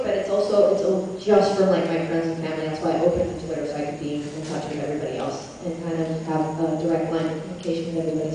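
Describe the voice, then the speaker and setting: A young woman from Israel talks casually at a fan panel, laughing and restarting her sentences. Her voice comes through a PA in a big echoing convention hall, heard from far off with a long reverb tail and faint background noise. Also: lowish voice. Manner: chatty, laughing, hesitant restarts. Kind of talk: casual Q&A answers. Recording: echoey hall taped from far off.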